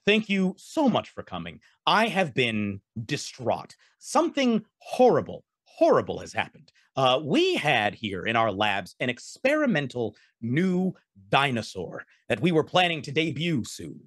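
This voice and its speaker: A man voicing a glitchy, anxious male android-meerkat scientist in a tabletop game, an impression of a famous astrophysicist, rambling with halting restarts. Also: medium pitch, huge pitch swings, fairly bright tone, no room sound, clean studio sound, exaggerated voice. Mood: distraught.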